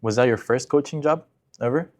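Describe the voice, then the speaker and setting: A man interviewing a guest casually, asking quick, curious follow-up questions. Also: mid-range voice, a little mellow.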